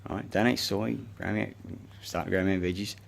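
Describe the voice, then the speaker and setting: Vocal fry colors this Australian man's deep voice as he swears his way through an agitated monologue filmed by himself. He talks a little fast with fairly even intonation, rambling as he rants.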